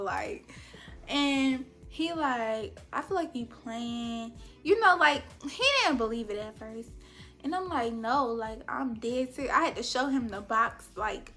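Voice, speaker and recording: A young woman vlogger, telling her story in a chatty, animated way and acting out quoted dialogue. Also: on the high side. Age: young adult. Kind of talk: storytime vlog.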